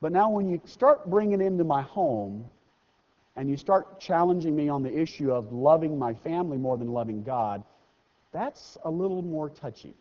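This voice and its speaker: Male pastor with a lively, fairly high voice, preaching in a conversational way. Long church reverb, slightly muffled recording. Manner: conversational preaching, slows down and rises for scripture readings; self-deprecating asides. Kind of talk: sermon. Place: church sanctuary. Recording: dull sound with long hall reverb.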